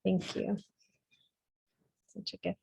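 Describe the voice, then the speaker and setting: A woman gently leading a circle on a video call, soft and hesitant. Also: slow, no room sound, highs cut off. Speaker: circle facilitator.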